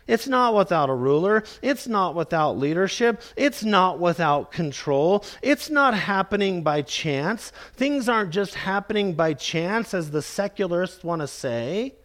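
A man preaching a sermon, slow and emphatic, repeating key phrases and calling his listeners "beloved". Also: high voice.

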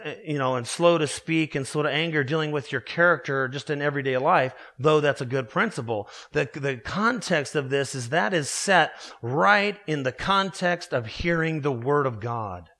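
A man's voice: a little high, fairly bright tone. A man pastor preaching a sermon, earnest and emphatic, asking the listeners rhetorical questions.

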